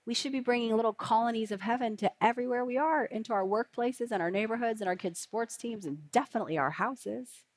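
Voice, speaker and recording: A woman in her forties preaching a sermon and telling a personal story in a lively, chatty way. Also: a little high, fast, hardly any pauses.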